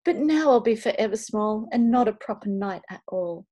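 A woman's voice: on the high side, expressive, moderate pace, dark tone. A woman voicing a small, brave, overeager male frog knight in a storybook reading. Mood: wailing.

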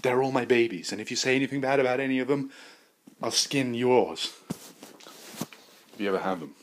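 A man rambling through a crude, joking solo monologue as a podcast host, swinging into loud bursts of mock bravado. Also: mid-range voice, a little fast, a little hiss or hum.

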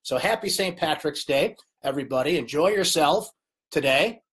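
A man's voice: on the high side, lively intonation, normal speed, a bit bright, husky. A middle-aged man hosting a live late-night sports chat, ranting in exasperation at TV commentators, then wrapping up the show.

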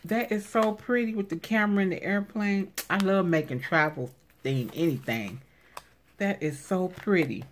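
A woman's voice: fairly low pitch, normal speed, a little hiss or hum. A woman vlogger chatting casually while opening craft mail, gushing and exclaiming over each piece. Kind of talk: casual unboxing chat.

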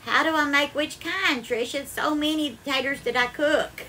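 A woman's voice: high-pitched, slow, sharp tone. A woman from Alabama with a Southern accent hosts a casual live cooking stream from her home kitchen, greeting viewers by name and calling them darling. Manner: effusive, calls viewers darling, bubbly sing-song greetings. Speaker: home cooking livestream host.

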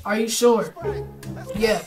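A young gamer commentating a horror game, bursting into loud panicked screams between jokey banter. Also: mid-range voice, slow, music in the background, poor audio.

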